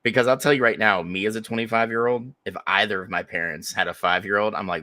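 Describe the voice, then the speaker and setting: A man's voice: on the low side, fairly even intonation, quick pace, few pauses, bright, forceful tone, dry recording. A man co-hosting a podcast who chats casually in an emphatic, profane and sarcastic way. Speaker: podcast co-host. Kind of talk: casual chat.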